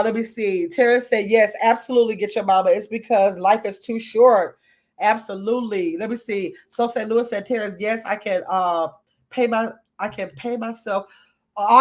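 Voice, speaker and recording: A woman's voice: medium pitch, moderate pace. A woman hosting a livestream from her computer at home, chatting casually with her viewers and reading their comments aloud. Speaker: livestream host reading chat.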